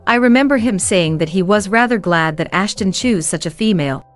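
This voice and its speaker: A woman's voice: medium pitch, expressive, brisk. A young woman narrating a first-person werewolf romance story in a cold, cutting manner, with faint music behind.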